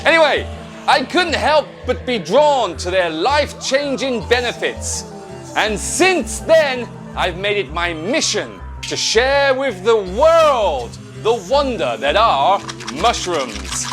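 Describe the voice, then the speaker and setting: Comedy ad bit: man doing a high, bouncy fake-Canadian salesman, pun-heavy. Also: sing-song, slow, music in the background, exaggerated voice. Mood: cheesy, upbeat. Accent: put-on Canadian. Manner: corny puns, sing-song sales pitch. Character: male Canadian mushroom supplement salesman, punning and chirpy. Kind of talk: comedy sketch advert.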